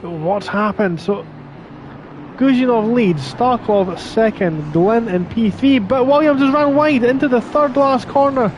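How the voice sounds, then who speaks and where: High-voiced man calling a sim race. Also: a little slow, a little hiss or hum. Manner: chatty, reads stream chat aloud between race calls. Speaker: sim racing commentator. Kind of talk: live race commentary.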